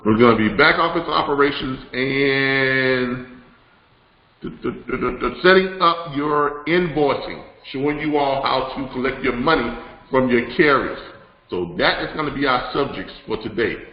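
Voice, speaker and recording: A man's voice: medium pitch, normal speed. A man hosting a live online business broadcast, talking in a loose, rambling way with lots of fillers and restarts as he gives announcements and teaches. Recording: roomy, slightly dull sound.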